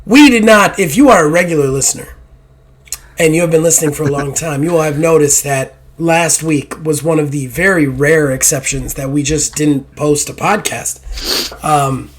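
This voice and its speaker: A hoarse man hosting a gaming podcast, rambling and self-deprecating in casual chat, swearing now and then. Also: a little high, moderate pace. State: hoarse after illness. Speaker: podcast host.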